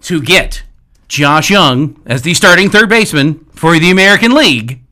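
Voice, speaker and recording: A man's voice: fairly high pitch, expressive, normal speed, pushed and bright. A man hosting a sports radio talk show, emphatic and playful as he rallies listeners. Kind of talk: casual sports radio banter.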